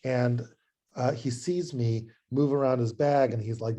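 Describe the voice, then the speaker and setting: Man, rabbi, lecture over video call, warm dark timbre, chatty storytelling, frequent restarts. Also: medium pitch, unhurried. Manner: conversational, animated anecdote telling with frequent restarts. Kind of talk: adult education lecture with storytelling.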